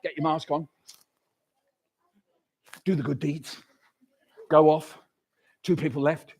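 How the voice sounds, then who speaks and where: A man's voice: on the high side, slow, husky. An older man telling comic stories to a hall of children and getting them to join in. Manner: animated, leads audience call-and-response. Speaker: children's author performing. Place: hall at live awards event.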